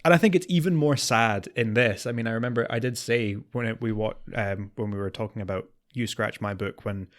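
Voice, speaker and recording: Animated lowish-voiced podcast co-host. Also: male voice, fairly quick, few pauses. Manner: animated, rises in pitch when worked up. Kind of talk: casual chat.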